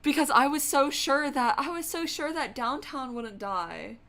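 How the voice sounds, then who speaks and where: A woman streamer reading a game's narration aloud and chatting expressively and excitably, swearing casually. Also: high-pitched, unhurried.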